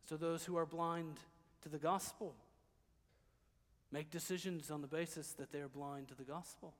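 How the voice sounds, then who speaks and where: A man preaching a sermon as pastor, dropping to hushed, quiet passages and then rising to loud, emphatic declarations. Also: a little high, fairly even intonation, moderate pace, big-room sound.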